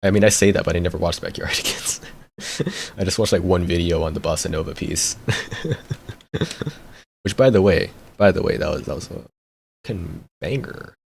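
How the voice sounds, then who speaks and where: A man's voice: low-pitched, normal speed, gravelly, a little hiss or hum. A young man streamer chatting casually, rambling, repeating words and laughing often. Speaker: VTuber streamer.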